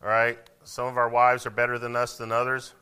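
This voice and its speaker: A pastor delivers a sermon with a bright, sharp-edged voice. He drops into soft, conversational asides, then builds to loud, emphatic declarations. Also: medium pitch, fairly quick, smooth. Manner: animated preaching, swings from quiet asides to loud emphatic declarations.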